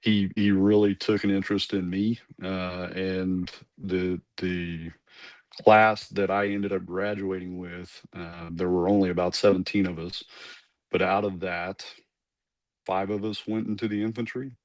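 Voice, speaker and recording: A man's voice: sits low, flat delivery, measured pace, no echo. A man, a former Army commander, telling his story in a casual interview, rambling with asides and restarts.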